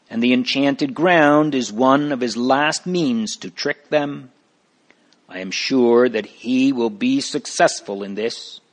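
A man reading a moral storybook aloud in a slow, deliberate, preacherly way. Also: mid-range voice. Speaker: narrator.

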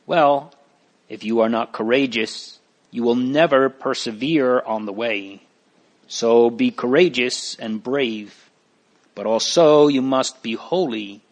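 A pious pilgrim explains his teaching in an instructive, preaching way, as a man reads him. The storybook pace is slow and deliberate. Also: mid-range voice.

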